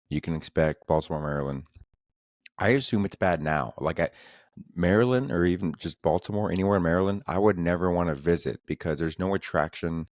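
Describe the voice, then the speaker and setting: A man's voice: deep voice, darkish tone, dry recording, clean studio sound. A man hosting a solo podcast, rambling casually with profane jokes. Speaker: podcast host.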